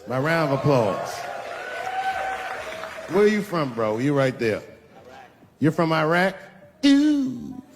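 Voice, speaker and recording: Man doing stand-up, swings loud and quiet, swears a lot, big echoey venue. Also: a little high, measured pace, long pauses, a faint crowd, slight background noise. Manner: animated, profane, sudden jumps between loud and hushed. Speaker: stand-up comedian. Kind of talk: stand-up comedy storytelling. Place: stage in a large venue.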